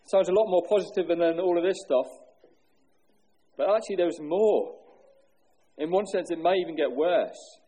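A man preaching an earnest sermon as pastor, asking rhetorical questions and dropping low and slow on solemn words. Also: dark tone, husky.

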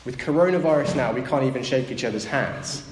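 A man's voice: mid-range voice, fairly quick, a little hiss or hum. A man preaching a sermon, retelling a story and briefly acting out its characters' voices. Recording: echoey hall, faint ambience.

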